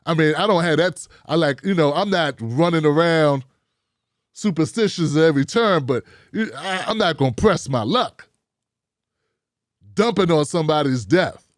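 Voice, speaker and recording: A man hosting a commentary show, giving a blunt, animated opinion monologue full of rhetorical questions. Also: fairly high pitch, moderate pace, no room sound, studio quality.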